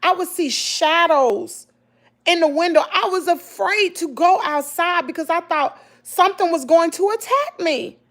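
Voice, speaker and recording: A woman's voice: very high-pitched, unhurried. A middle-aged woman with a Southern accent, talking casually and emotionally to her viewers about hard times. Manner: emotional, animated storytelling, addresses viewers as y'all. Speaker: vlogger.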